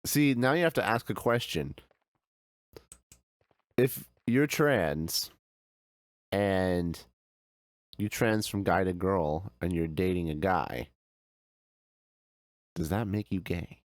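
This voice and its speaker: A man's voice: sits low, takes it slowly, pauses often, dry recording, clean studio sound. A man streaming a game, chatting casually and easygoing, answering his chat with frequent laughs.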